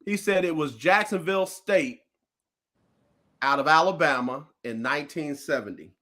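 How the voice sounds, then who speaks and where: Bright-voiced host. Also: male voice, a little high. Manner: playful, teasing, quick banter. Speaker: show host. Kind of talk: casual sports chat.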